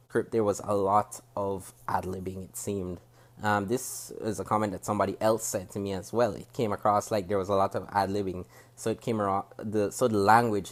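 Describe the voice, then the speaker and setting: A Jamaican man with a fairly low voice gives a spoken review straight to camera. His delivery is critical and measured. He breaks off and restarts sentences as he works through his points. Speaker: TV show reviewer. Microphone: camera facing the speaker.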